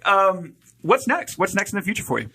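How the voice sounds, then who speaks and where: A man co-hosting a casual podcast chat, talking in a quick, jokey way. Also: sits high, big pitch swings, pushed and bright, slightly rough. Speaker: podcast co-host.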